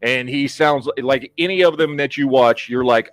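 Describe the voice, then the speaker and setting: A man's voice: medium pitch, moderate pace, no echo. Podcast host, man, blunt and swearing ranter, dry close mic. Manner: blunt, profane, ranting. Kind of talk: casual podcast chat.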